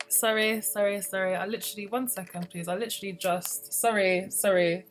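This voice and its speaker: A woman's voice: medium pitch, a little fast, few pauses, soft background music, low-quality recording. A woman hosting a live stream as a plant grower. She chats casually and rambles through many asides.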